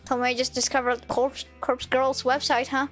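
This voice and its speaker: A woman's voice: high-pitched, flat delivery, normal speed, fairly bright tone, soft background music. A young woman streamer reading a visual novel aloud, breaking off into giggly, playful asides.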